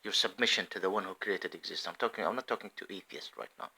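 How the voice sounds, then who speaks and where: A man giving an impassioned religious monologue, swinging between loud emphatic outbursts and hushed asides. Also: sits low, quick pace, few pauses, breathy edge. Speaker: religious commentator.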